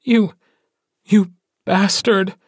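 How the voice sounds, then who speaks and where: A man voicing a grieving, furious woman werewolf, pitching his husky voice up high and sounding raw and demanding. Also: steady tone, unhurried, a little mellow, dry recording, clean studio sound.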